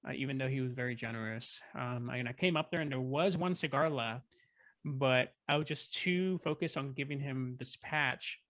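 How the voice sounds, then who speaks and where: A man chatting as an interview guest, telling a story in an excited, rambling way with lots of fillers. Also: medium pitch, no room sound. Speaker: guest filmmaker. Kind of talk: casual storytelling.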